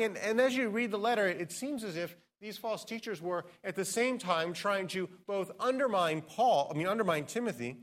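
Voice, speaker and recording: Male pastor, fairly high voice, earnest sermon delivery with shifting emphasis. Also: a bit bright. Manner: earnest expository preaching, varied emphasis.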